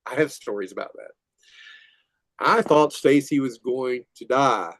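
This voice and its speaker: An older metal musician, guesting on a casual interview, tells rambling stories with animated retelling and frequent laughter. His mid-range voice is unhurried, and there's no echo.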